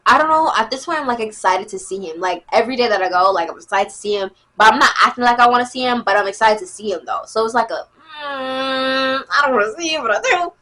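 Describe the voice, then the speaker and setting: A young woman, telling a casual storytime vlog in a chatty, animated way. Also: mid-range voice, fast, few pauses. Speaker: vlogger.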